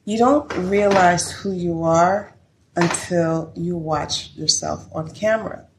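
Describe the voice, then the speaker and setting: A woman's voice: fairly low pitch, takes it slowly. A woman guest in a casual interview, telling stories candidly and laughing often, recorded in an echoey room. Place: her studio. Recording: echoey room with faint noise.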